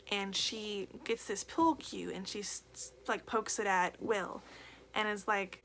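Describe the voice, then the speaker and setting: A young woman chats through a book review in a casual vlog, gushing, emotional and full of fillers. Her voice has a gravelly edge, and faint noise sits under the recording. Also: medium pitch, a little slow, a bit bright. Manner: gushing, emotional, repeats herself with many fillers.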